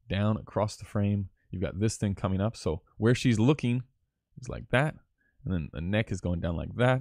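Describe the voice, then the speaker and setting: A man with a lowish, mellow voice talks through film shots on a live stream. He is casual and enthusiastic, swears here and there and often restarts his sentences. The sound is close and dry, with little room around it. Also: dry recording. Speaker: cinematographer teaching on a live stream.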